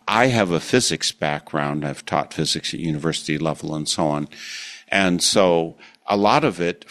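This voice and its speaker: A man hosting a radio interview show, reading a scripted introduction and then asking measured, thoughtful questions. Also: sits low, no room sound, studio quality.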